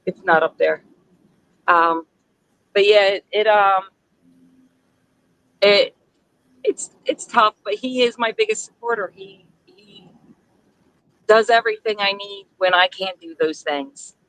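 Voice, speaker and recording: A woman speaking as a guest on a live-stream chat, halting and soft-spoken, often restarting her sentences. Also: mid-range voice, animated, no echo, poor audio.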